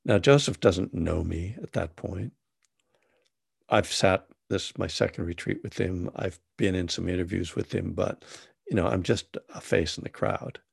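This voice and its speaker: A man's voice: deep voice, moderate pace, gravelly, husky, dry recording, clean studio sound. A man, an author, telling a personal story in a casual, rambling, self-deprecating way with many restarts.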